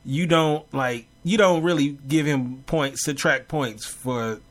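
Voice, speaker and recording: A man co-hosting a casual chat about favorite movies and TV, animated and laughing, with many fillers. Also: a little high, slow. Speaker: podcast co-host.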